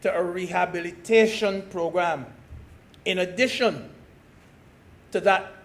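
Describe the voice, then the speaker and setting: A man from Barbados giving a parliamentary speech as a senator, slow and deliberate, stressing key words. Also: high voice. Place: senate chamber.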